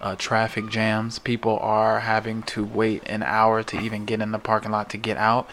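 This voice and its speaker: Rambling New man, low voice. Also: monotone, moderate pace, a bit bright, a little hiss or hum. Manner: rambling, loose and jokey with fillers. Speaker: podcast host reading news. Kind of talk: casual chat.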